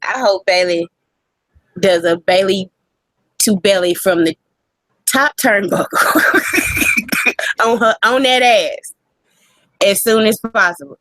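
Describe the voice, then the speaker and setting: A woman co-hosting a casual wrestling podcast, animated and profane, laughing often. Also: medium pitch, slow, long pauses, no echo. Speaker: podcast co-host.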